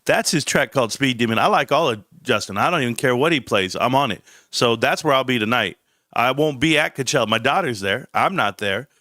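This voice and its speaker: A man's voice: mid-range voice, expressive, fairly quick, sharp tone, no room sound, studio quality. A middle-aged man hosting a livestream, blunt and rambling, often breaking off mid-sentence. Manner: blunt, rambling, self-interrupting. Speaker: stock livestream host. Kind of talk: casual livestream commentary.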